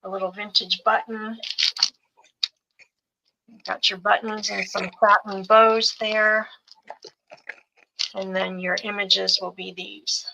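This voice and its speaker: Slow, bright-voiced woman selling craft kits. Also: mid-range voice, level tone, gravelly, slight background noise, low-quality recording. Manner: gentle, fond, lists items piece by piece. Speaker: co-host showing craft kits for sale. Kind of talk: live sales show, describing fabric bundles.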